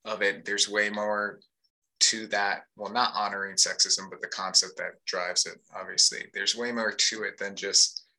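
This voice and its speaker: A man's voice: fairly low pitch, flat delivery, unhurried, pushed and bright, rough recording. A man co-hosting a live discussion, talking earnestly and thoughtfully about masculinity, with many fillers. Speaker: podcast co-host. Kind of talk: reflective casual discussion.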